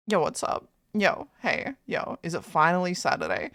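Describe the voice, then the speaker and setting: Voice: mid-range voice, wildly swooping pitch, moderate pace, gravelly, hardly any pauses, a bit bright, no echo, clean studio sound. A live streamer chatting casually with viewers, greeting chatters by name and swearing freely in playful, mock-dramatic rants. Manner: mock-dramatic, hypes things up then undercuts them.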